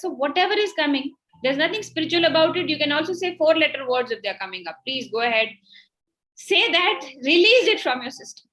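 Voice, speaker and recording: Indian lady running an online self-care workshop, high voice, encouraging and a bit giggly. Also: animated, fairly quick, fairly bright tone, poor audio. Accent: Indian English. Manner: encouraging, instructive, laughs easily. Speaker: workshop facilitator. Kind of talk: guided tapping and breathing exercise.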